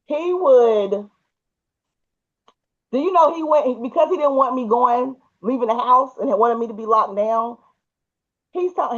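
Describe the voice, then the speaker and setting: Animated woman telling a story. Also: medium pitch. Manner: animated, laughs often, acts out the people in her story. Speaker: podcast host. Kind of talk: personal storytelling. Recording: muffled, dull audio.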